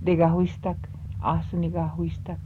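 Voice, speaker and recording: A woman teaching words of a language, saying each one slowly and more than once, then explaining what it means. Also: fairly low pitch, monotone. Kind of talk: teaching vocabulary, slow repeated words. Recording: tinny phone-like lo-fi recording with hiss.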